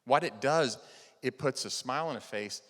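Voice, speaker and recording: A man delivers a motivational keynote in a large event hall, his stage-mic voice ringing with a long reverb tail. He talks with earnest storytelling energy, punching some lines loudly and letting others fall quiet. His pitch sits in an ordinary middle range for a man. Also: normal speed. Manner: earnest storytelling, swings between loud emphasis and soft hushed lines. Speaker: conference speaker.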